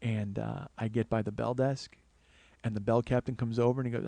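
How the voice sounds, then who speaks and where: A man's voice: mid-range voice, steady tone, fairly quick, gravelly, warm tone, no echo. A man hosting a comedy podcast, telling a rambling, profane, self-mocking personal story.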